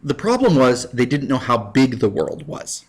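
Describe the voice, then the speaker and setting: A man's voice: mid-range voice, very animated, moderate pace, breathy edge. A man teaching a recorded history lesson in a casual, playful way, with goofy asides and put-on quotes. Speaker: high school history teacher. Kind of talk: jokey recorded lecture.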